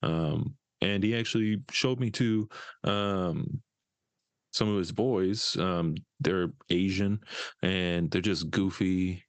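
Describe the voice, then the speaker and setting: A man co-hosting a casual podcast chat, laid-back and hesitant, with many pauses and casual swearing. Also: low voice, dry recording. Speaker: podcast co-host.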